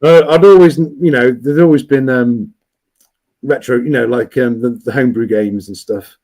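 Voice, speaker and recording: A man chatting casually as a guest on a livestream, rambling with many restarts and fillers, talking loudly. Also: mid-range voice, normal speed, poor audio. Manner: says he is always loud.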